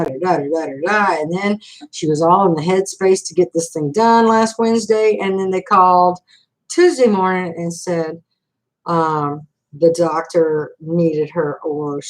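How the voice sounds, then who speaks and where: A woman's voice: on the low side, poor audio. An older woman hosting a casual livestream, telling a rambling story full of acted-out quotes and laughter. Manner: frequent laughs and fillers. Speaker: channel host.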